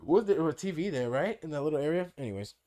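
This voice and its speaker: This co-host's voice sits on the high side, quick and sing-song yet mellow. In a casual storytelling chat on the podcast, he swears freely and performs each person's lines as he recounts what was said.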